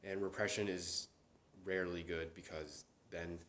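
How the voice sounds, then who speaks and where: A man's voice: sits low, flat delivery, a little slow, a bit bright, a little hiss or hum. A young man hosting a casual solo chat. He rambles, with many fillers and restarts. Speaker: podcast host. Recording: roomy echo.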